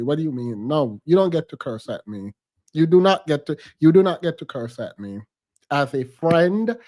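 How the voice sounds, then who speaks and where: A man's voice: on the high side, a little mellow. A man co-hosting a podcast, reacting to a played clip with blunt, exasperated, emphatic commentary.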